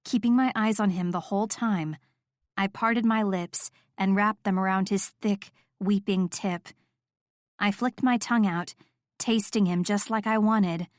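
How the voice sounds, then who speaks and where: In a soft, intimate manner, a woman narrates a romance audiobook from a first-person view, moving at a measured pace. Her voice is mid-pitched, recorded close with a fully dry sound.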